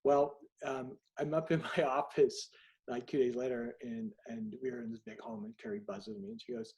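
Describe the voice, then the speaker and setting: A man's voice: medium pitch, level tone, normal speed, darkish tone, rough recording. A middle-aged man speaks in an ordinary mid-range voice, telling a personal story in an interview. He is open and candid. He slips into quoted dialogue as he goes. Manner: candid, anecdotal, acts out dialogue. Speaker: author guest.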